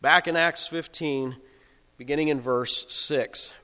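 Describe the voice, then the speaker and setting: A male pastor giving a sermon in a relaxed, conversational storytelling way. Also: a little high, slow, in a large hall.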